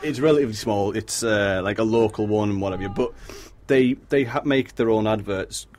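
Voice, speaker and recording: A man's voice: on the low side, brisk, darkish tone, a little hiss or hum. A man hosting a small radio show, chatting casually and dropping dry quips. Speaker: radio host. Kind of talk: casual studio chat. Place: radio studio.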